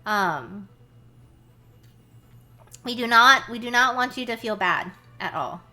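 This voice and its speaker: A young American woman chats casually on a live stream, greeting viewers by name and swearing freely. Her voice sits high and swings widely in pitch. Faint music plays behind her. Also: animated, slow pace, bright, forceful tone. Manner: chatty, swears, laughs often, talks to chat by name. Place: warm small room.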